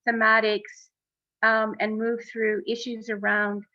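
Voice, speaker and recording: A woman co-founder speaking on a panel over a video call, in an earnest, halting way with many fillers. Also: a little high, completely flat delivery, dry recording, muffled recording. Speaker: exhibition co-founder.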